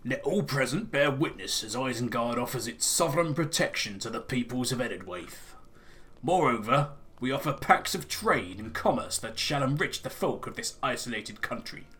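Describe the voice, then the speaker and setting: A man voicing a smooth-talking emissary in a game, with a put-on accent and a formal, persuasive manner. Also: medium pitch, lively intonation, normal speed, a bit bright, lightly acted. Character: smooth-talking male emissary of a dark wizard. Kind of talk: reading game dialogue aloud in character.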